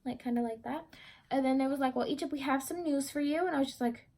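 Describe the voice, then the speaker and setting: A woman's voice: high-pitched, fast talker, dark tone. A young woman vlogger casually retelling a story to camera, rambling and correcting herself as she goes.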